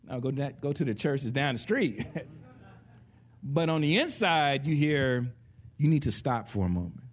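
A man preaching a sermon in an animated way, acting out little voices and laughing along with his listeners. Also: medium pitch, unhurried, long pauses. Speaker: pastor.

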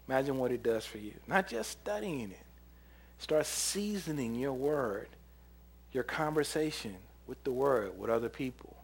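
A man preaching a sermon, telling camp stories in an animated way, often laughing and acting out what people said. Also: medium pitch, moderate pace, breathy edge. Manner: animated storyteller, laughs often, acts out quotes. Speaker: preacher and former camp counselor.

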